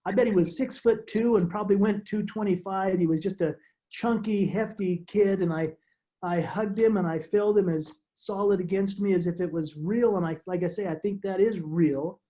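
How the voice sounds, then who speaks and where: Mellow middle-aged man telling a personal story. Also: high voice. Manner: halting, repeats words, emotional, soft laughs. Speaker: guest speaker.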